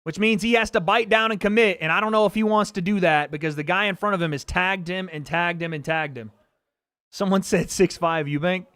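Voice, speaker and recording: Hosting a watch-party stream, a man gives live fight commentary in a high, bright voice, calling out every punch as it lands. He swears freely and bursts into excited yelling when momentum shifts. His pace is fairly quick and smooth, with no room sound.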